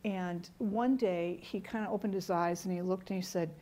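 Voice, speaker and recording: A woman's voice: lowish voice, steady tone, normal speed, warm tone. A middle-aged woman giving an earnest church teaching talk, telling stories and repeating key words for emphasis. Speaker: Bible teacher.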